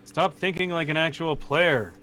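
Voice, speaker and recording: A man's voice: fairly high pitch, noisy background. Casual game master man. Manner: casual, swears, voices characters in quick asides. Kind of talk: narrating a tabletop game.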